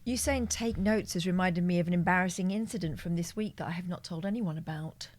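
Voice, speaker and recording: A woman's voice: lowish voice, a little fast, a little mellow. A woman co-hosting a podcast who tells stories in a dry, teasing way during casual chat. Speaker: podcast co-host.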